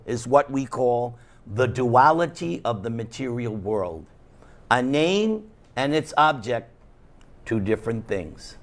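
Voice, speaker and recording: A man with a New York accent giving a devotional lecture, slow and emphatic, leaning hard on key words with a playful touch for his live audience. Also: mid-range voice, a bit bright. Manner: slow, emphatic, sing-song rise and fall on key words. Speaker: monk lecturer.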